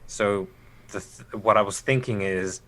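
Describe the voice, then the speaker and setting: A man playing a tabletop game, planning his character's moves in a halting, thinking-aloud way. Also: on the low side, steady tone, a bit bright, poor audio. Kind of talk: casual game talk.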